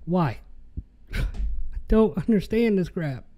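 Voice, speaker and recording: Young male podcast host, high-pitched and unhurried, exasperated ranter who swears and repeats himself. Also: animated, warm tone. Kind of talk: ranting podcast monologue.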